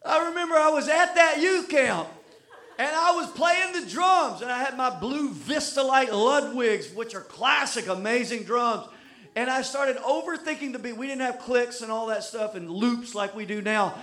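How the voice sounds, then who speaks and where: A man's voice: extremely high pitch, normal speed, bright, forceful tone. A man preaching a sermon, moving from self-deprecating stories to emphatic preaching. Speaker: pastor.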